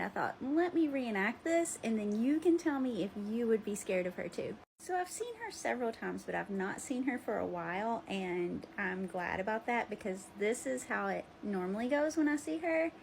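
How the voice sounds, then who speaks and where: A woman telling ghost stories to her viewers in a chatty, animated way. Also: on the high side, creaky, a little hiss or hum. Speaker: ghost story vlogger. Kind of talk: casual storytelling to camera.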